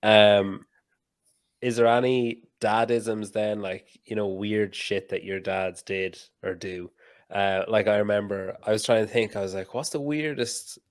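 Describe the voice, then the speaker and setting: A man's voice: on the low side, little pitch movement, unhurried, no echo, clean studio sound. A man hosting a podcast, chatting casually and telling rambling, laugh-filled stories with the odd swear word. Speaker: podcast host. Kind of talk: casual chat.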